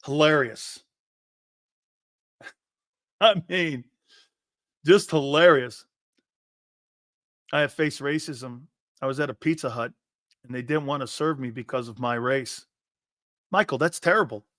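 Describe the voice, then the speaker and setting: A middle-aged man hosting a sports talk show, a brash, loud storyteller who acts out the quotes. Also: medium pitch, slow, long pauses, no echo, clean studio sound.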